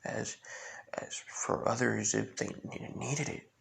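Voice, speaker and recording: A man's voice: fairly low pitch, steady tone, slow pace, vocal fry, fairly bright tone, exaggerated voice. A man voicing a flustered male surgeon in a fan-made story, stammering over his words.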